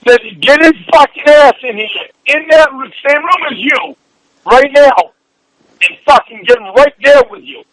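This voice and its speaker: A man shouting in a heated private argument, furious and swearing nonstop, his voice sore and strained. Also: extremely high pitch, expressive, measured pace, no room sound, rough recording.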